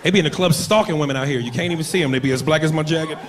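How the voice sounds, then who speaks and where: A man doing a stand-up comedy set, brash and loud, often breaking into shouted bits on a stage mic. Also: a little high, very fast, a crowd in the background. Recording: noisy live club recording.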